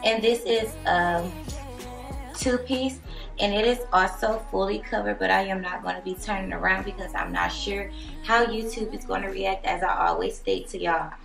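A woman's voice: medium pitch, fairly even intonation, normal speed, vocal fry, fairly bright tone, faint music behind. A woman chatting casually to her followers in a sassy, chatty way, calling them honey. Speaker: vlogger. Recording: roomy, from a distance.

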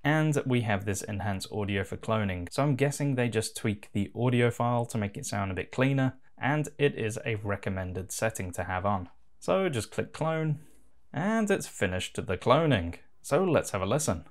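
A man giving a relaxed, casual voice-over as he walks through a software tutorial. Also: lowish voice, normal speed. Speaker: tutorial host.

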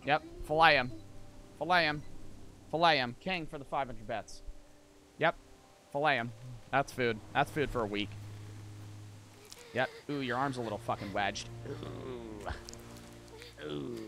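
A young man streaming a game, talking to his chat in a casual, profane, excitable way and breaking into repeated shouted outbursts. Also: mid-range voice, unhurried, gravelly, pauses often. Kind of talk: live gameplay commentary. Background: game music.

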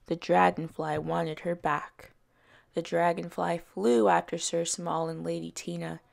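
A woman educator reading picture books aloud for young children at story time, slow and expressive, with soft voices for the characters. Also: fairly low pitch, creaky. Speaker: early years educator.

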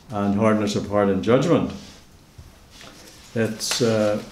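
A male preacher delivers a sermon in a measured way, often repeating a phrase to press it home. His voice sits in a middle pitch, and the church hall around him gives it a roomy echo. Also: darkish tone. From Northern Ireland.

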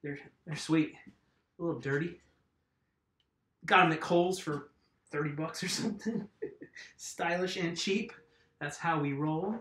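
A man's voice: fairly high pitch, a little slow, long pauses, a bit bright. Chatty man in an echoey workshop. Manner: chatty and self-laughing, talks to viewers while fixing a tire. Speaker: mountain bike video host. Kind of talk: casual live-stream chat while working. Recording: echoey room.

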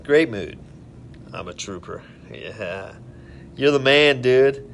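A man's voice: medium pitch, animated, takes it slowly, gravelly, fairly bright tone, a little hiss or hum. A man hosting a casual live stream, rambling in a friendly, tipsy way as he tells stories and greets viewers.

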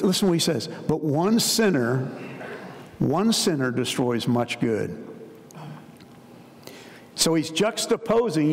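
A middle-aged male pastor delivers a sermon in a conversational, storytelling manner, pressing hard on his key points. His voice sits a little high, with a gravelly fry. Long reverb from a large church hall trails after his words. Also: darkish tone. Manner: conversational storytelling preacher, emphatic.

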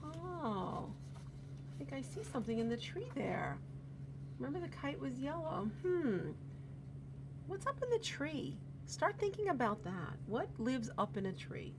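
A woman reading a picture book to children and then explaining a craft, gentle and exclamatory, often asking the children questions. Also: high-pitched, normal speed. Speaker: children's librarian. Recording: steady background hum.

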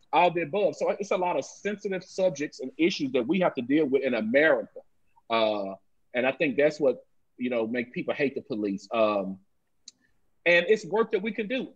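A husky-voiced man pitched a little above the usual range, talking as a police officer on a panel. He tells his stories with force and repeats phrases for weight. The audio sounds dull and lo-fi. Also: a bit bright. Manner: emphatic storytelling with repeated phrases. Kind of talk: candid panel discussion.

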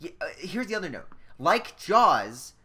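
A man's voice: on the high side, sing-song, a little slow, sharp tone, husky. A man reviewing a film in casual chat, critical and insistent, often restarting his sentences.

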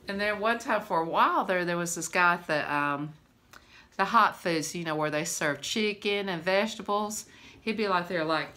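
Bright-voiced rambling woman. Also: mid-range voice, normal speed. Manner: rambling, chatty, laughs often. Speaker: vlogger. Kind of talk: casual chat to camera.

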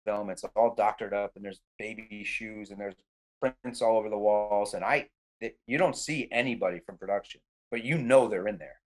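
Speaking at a moderate pace in a voice on the low side, a middle-aged man casually tells a podcast interviewer about a film shoot. He animatedly acts out what he said, peppering it with frequent "like"s.

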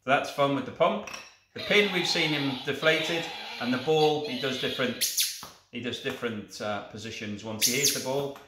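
A man's voice: mid-range voice, normal speed. A man reviewing a toy, talking it through in a coaxing sing-song and praising it as he shows each feature. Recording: echoey room with clear background noise.

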